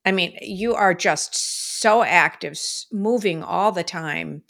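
A woman's voice: on the low side, slow, creaky, fairly bright tone. A mother chatting casually with her grown daughter, soothing and emotional. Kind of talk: casual chat.

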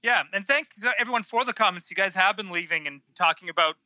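High bright guy co-hosting a podcast, chimes in agreeing a lot, dry sound. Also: fast talker, no echo, dull audio. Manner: agreeable, short replies, blunt jokes. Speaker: podcast co-host. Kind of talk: casual chat.

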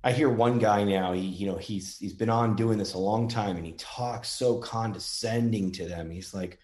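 A man with a fairly low voice talks casually through a demonstration. He sounds earnest and gentle, pausing to thank unseen listeners. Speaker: paranormal app demonstrator.

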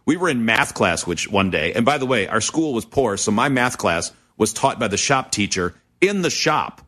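A man's voice: fairly low pitch, sing-song, normal speed, a bit bright. A man telling stories in a casual chat, joking with crude humor.

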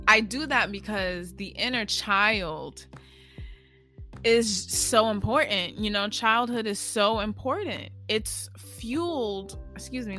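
A woman podcaster and spiritual healer with a fairly high pitch delivers a casual solo podcast monologue. She sounds breathless, energetic and exuberant, uses slang, and laughs often.

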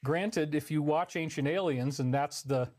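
A man speaking in a high voice on a livestream. He rambles and meanders, halting and giggling at himself as he goes. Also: darkish tone. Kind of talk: livestream monologue.

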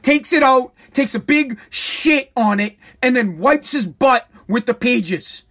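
A political commentator ranting with heavy profanity and sarcasm, swinging between loud mockery and a mock-calm hush. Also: medium pitch, slow.

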